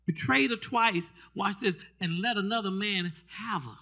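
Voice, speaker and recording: A man preaching a fervent sermon in church. He keeps asking the congregation to respond and builds up to shouts. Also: sits high, unhurried, gravelly. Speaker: pastor. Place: church service.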